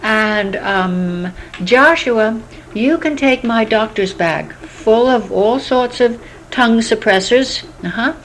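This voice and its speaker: A kindly grandfatherly doctor, played by a woman telling the story, speaking in a calm, measured, professional voice. He sounds soft and close to the teller's own voice, easing children along. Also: on the high side, a little hiss or hum, voice pushed up, poor audio.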